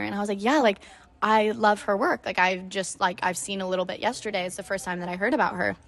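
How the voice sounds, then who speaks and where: A woman's voice: medium pitch, steady tone, quick pace. A young woman in her twenties hosting a solo podcast, telling a travel story in a gushing, casual way, filling her speech with "like" and dropping casual swears. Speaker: podcast host.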